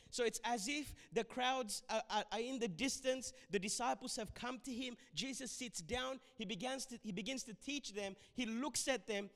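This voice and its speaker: Male preacher, high voice, emphatic sermon, church reverb. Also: fairly bright tone. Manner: emphatic, urging the congregation. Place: church hall.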